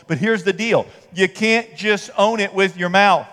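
A man's voice: on the high side, steady tone, normal speed, hardly any pauses, fairly bright tone, big-room sound. A man pastor preaching a conversational sermon to his congregation, acting out mocking quotes and pushing up into emphatic peaks. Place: church sanctuary.

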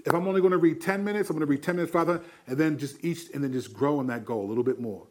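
A man's voice: a little high, racing, a little mellow. A man hosting a faith talk show, casually giving Bible advice with easygoing slang and frequent chuckles. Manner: laid-back and slangy, chuckles often, many restarts. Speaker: Christian podcast host answering questions.

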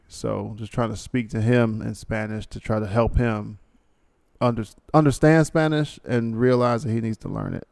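A man's voice: on the low side, vocal fry, darkish tone, clear, resonant tone, dry recording, clean studio sound. A man in his thirties hosting a podcast, talking in a laid-back, rambling, slangy way and laughing often. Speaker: podcast host. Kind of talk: casual chat.

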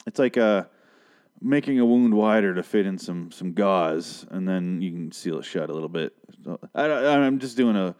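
A man's voice: deep voice, lively intonation, moderate pace, darkish tone, clean tone. A man recapping a TV episode in a casual monologue, rambling and sarcastic, with plenty of swearing.

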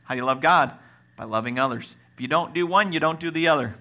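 A man preaching a sermon as pastor, swinging from loud exclaims to quiet asides, with joking moments. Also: on the high side, fast talker.

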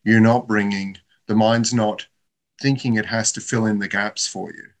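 A man's voice: on the low side, steady tone, normal speed. A man in reflective casual conversation, talking in a thoughtful, musing way.

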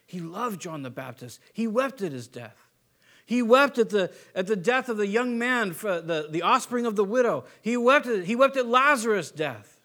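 A man delivers a sermon in a high, light voice. He is animated, acting out the people in the story in quick voices, and drops to a hush before pressing a point hard. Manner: animated, acts out voices of biblical figures; swings between soft and emphatic. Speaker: pastor.

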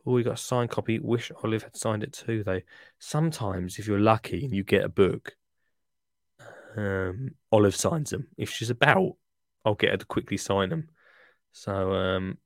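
A man's voice: lowish voice, no echo, clean studio sound. A man hosting a podcast in a chatty, rambling, jokey way. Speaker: podcast host. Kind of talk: casual podcast chat.

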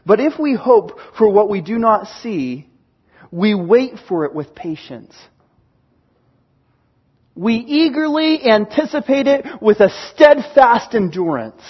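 A man preaching a sermon, earnest and encouraging, sometimes dropping to a hush for emphasis. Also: very high voice, slightly rough, dull audio. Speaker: pastor.

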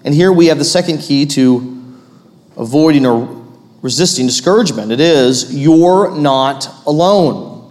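A man in his thirties preaching a sermon as pastor, animated and rising to loud, emphatic peaks. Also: a little high, unhurried, long reverb tail.

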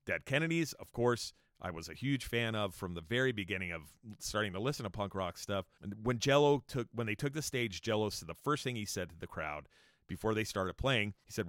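A man in his fifties from Southern California, telling stories from his youth on a podcast in a casual, excited way, swearing often. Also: no room sound, studio quality. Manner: animated, swearing, jumps high when excited. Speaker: podcast storyteller. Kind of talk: casual storytelling monologue.

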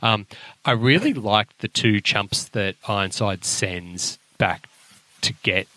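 A man with a lowish voice talks through a film in loose, rambling chat. He stops and restarts a lot and swears casually. The sound is dry and close. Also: slow pace, pushed and bright, dry recording. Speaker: podcast co-host.

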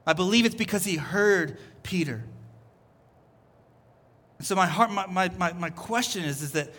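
Man, pastor, relaxed conversational sermon, chatty, bright tone, higher voice. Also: normal speed. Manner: loose, chatty storytelling full of "like".

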